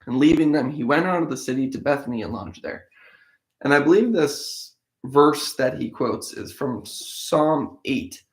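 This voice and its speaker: This host of a daily Bible-in-a-year show has a mid-range, animated voice and keeps a measured pace. He reads verses out loud, then explains them in a conversational way, musing as he goes and starting over at points.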